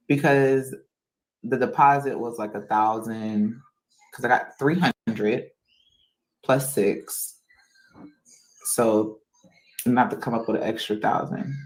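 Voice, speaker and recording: A woman's voice: extremely low pitch, steady tone, takes it slowly, long pauses, darkish tone, poor audio. A woman on a livestream venting her annoyance to viewers and reading chat comments aloud. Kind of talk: casual venting to a live chat.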